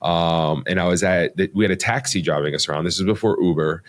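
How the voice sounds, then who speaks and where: A man's voice: low voice, fast. A middle-aged man, a podcast guest, telling his life story in a casual, rambling way with many restarts.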